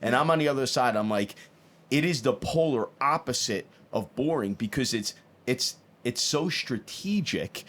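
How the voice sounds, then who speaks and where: A man's voice: medium pitch, lively intonation, moderate pace, a bit bright, a little hiss or hum. A middle-aged man hosting a podcast, asking long, chatty questions with enthusiasm. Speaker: podcast host. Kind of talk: casual interview chat.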